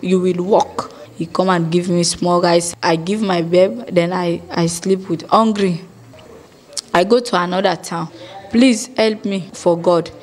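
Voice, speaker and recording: A young woman with a West African pidgin English accent giving a halting, plain-spoken personal testimony, re-enacting scenes aloud as she tells them. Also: lowish voice, darkish tone. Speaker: former child soldier giving testimony.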